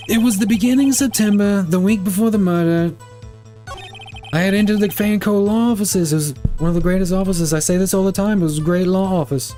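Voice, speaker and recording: A man's voice: high-pitched, fairly quick, warm tone, soft background music, pitched above the performer's own voice, close to an everyday voice. A man voicing a pompous male businessman witness in a game, with a boastful, exaggerated put-on accent.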